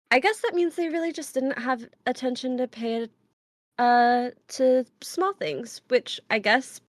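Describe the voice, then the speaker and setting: Woman tabletop player, higher voice, laid-back, playful, dry sound. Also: no echo. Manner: playful, laid-back, describes her character's actions. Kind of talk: casual tabletop role-play chat.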